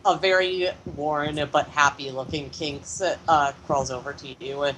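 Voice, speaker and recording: A game master describes the scene for the players in a halting way, with frequent fillers. The recording carries a faint hiss and clicks. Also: mid-range voice, fairly even intonation. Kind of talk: narrating a tabletop game.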